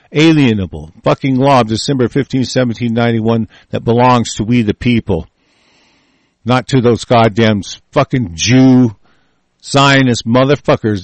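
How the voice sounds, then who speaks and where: A man talking in an angry, profane monologue, swearing constantly, breaking into shouted outbursts and stumbling over restarts. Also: medium pitch, no echo.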